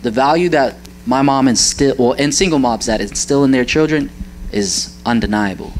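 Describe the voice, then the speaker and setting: A man's voice: medium pitch, moderate pace, a little hiss or hum, rough recording. Earnest young man sharing a testimony. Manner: earnest, searching for words, laughs often. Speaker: church member sharing a testimony. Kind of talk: heartfelt personal testimony.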